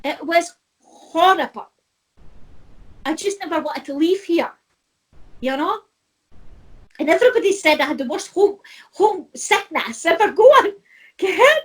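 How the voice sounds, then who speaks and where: Scottish woman, middle-aged, high voice, rambling personal story, heartfelt. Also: animated, unhurried, pauses often. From Scotland. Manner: heartfelt, rambling, restarts often. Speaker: spiritual medium.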